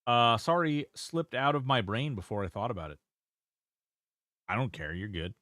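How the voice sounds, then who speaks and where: A man's voice: medium pitch, normal speed, pushed and bright, no room sound, studio quality. A man streaming a game, chatting casually, reading chat aloud and swearing now and then. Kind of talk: casual gameplay commentary.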